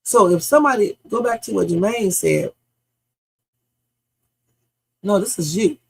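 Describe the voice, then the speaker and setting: A woman's voice: mid-range voice, expressive, brisk, vocal fry, a little mellow, husky. A woman hosting a live reaction stream, talking back to her chat in a heated, questioning way and swearing freely. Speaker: livestream host.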